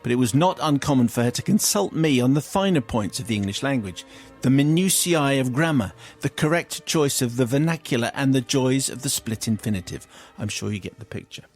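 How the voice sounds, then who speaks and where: A man's voice: medium pitch, lively intonation, a little fast, few pauses, soft background music. A middle-aged male radio host reading a listener's letter aloud in a wry, theatrical way. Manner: wry and theatrical, breaking into laughter.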